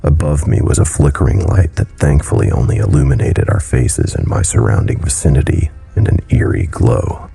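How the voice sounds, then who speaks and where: A man narrating a horror story in a low, brooding delivery. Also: expressive, normal speed, gravelly, hardly any pauses, warm tone, soft background music.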